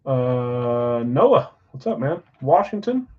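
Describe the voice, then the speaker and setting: A man's voice: mid-range voice, very animated, slow, muffled recording. A married man hosting a live card break, chatting casually and rattling off buyers' names and teams. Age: adult, married. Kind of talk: casual live-stream chat. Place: basement card room.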